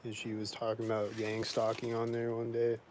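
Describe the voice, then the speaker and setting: A man's voice: on the low side, monotone, a little fast, a little mellow, a little hiss or hum, poor audio. A man vlogging in a casual, rambling monologue, indignant and complaining, filling his talk with "like" and frequent swearing.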